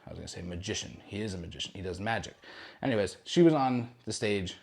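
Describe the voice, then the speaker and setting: A man's voice: fairly low pitch, expressive, fast talker, gravelly, darkish tone. A young man hosting a casual cruise news roundup, chatty and rambling, with jokey asides and frequent self-corrections.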